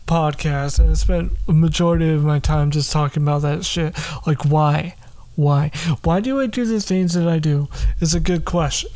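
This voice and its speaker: A man's voice: fairly high pitch, a little mellow. A man hosting a solo podcast from his bedroom late at night, rambling, swearing and mocking himself. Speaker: podcast host.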